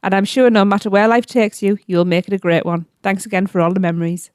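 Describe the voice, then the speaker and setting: A woman's voice: medium pitch, steady tone, fast, a little mellow, clear, resonant tone, no room sound, clean studio sound. A woman co-hosting a podcast, reading out listener farewell messages in a sympathetic way. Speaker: podcast co-host.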